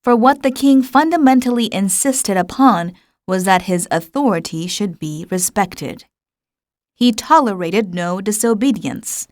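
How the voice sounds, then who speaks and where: Woman narrator, calm measured storytelling, very slow pace, dry close-miked sound. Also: mid-range voice, no room sound. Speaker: audiobook narrator. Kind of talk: scripted narration.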